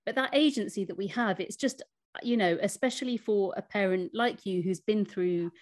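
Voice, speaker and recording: A woman's voice: mid-range voice, normal speed. A woman co-hosting a podcast, speaking to her guest in an earnest, appreciative way and restarting phrases as she goes. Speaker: podcast co-host. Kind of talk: casual interview chat.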